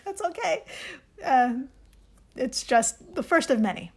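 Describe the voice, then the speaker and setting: A woman's voice: sits high, big pitch swings, takes it slowly, darkish tone, husky. A woman hosting a podcast in casual chat, laughing easily and sounding enthusiastic. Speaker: podcast host.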